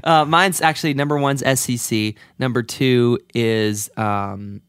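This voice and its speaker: Young guy cohosting a podcast, casual joking chat, dry close mic, average pitch. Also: measured pace, a bit bright, clear, resonant tone, no echo. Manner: joking, puts on mock accents. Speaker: podcast co-host.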